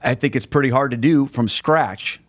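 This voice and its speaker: A man's voice: mid-range voice, normal speed, dry recording. Earnest middle-aged man, dry close sound. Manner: earnest, conversational, restarts phrases. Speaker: guest, Catholic evangelist. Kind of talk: podcast conversation.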